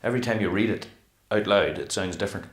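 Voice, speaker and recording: Deep-voiced man in an echoey room. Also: quick pace. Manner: animated, rambling, acts out quotes. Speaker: actor and interview guest. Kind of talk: casual interview talk.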